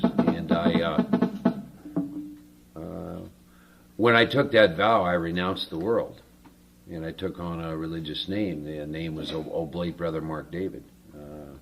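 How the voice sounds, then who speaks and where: A man giving a personal recovery testimony at a meeting, speaking in a halting, reflective way with many pauses and fillers. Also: low voice, a little hiss or hum.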